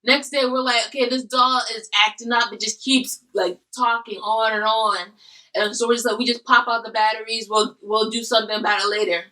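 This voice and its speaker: A woman's voice: on the high side, steady tone, fairly quick, sharp tone, recorded from a distance, low-quality recording. A woman hosting a casual eating video, animatedly telling a story. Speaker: host.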